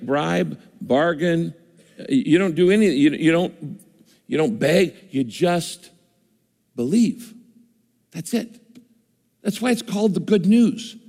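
Older man, pastor, conversational sermon, gravelly edge, slightly high voice, long hall reverb. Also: a little mellow. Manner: conversational preaching, acts out listeners' objections.

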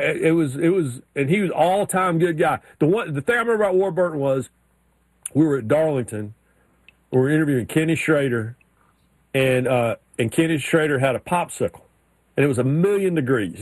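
A man co-hosting a sports show, telling animated stories in casual chat. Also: fairly high pitch, no echo. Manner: animated storyteller, mimics drawls in anecdotes. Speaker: sports radio co-host.

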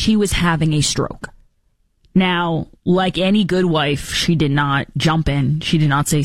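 A woman with a lowish voice hosts a radio talk show, recorded in studio quality with no room sound. Her political commentary is sarcastic and mocking, complete with silly voices for impressions.

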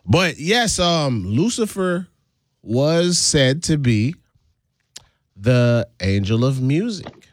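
A man co-hosting a casual chat, musing slowly and laughing often. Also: medium pitch, sing-song. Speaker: co-host reading the chat.

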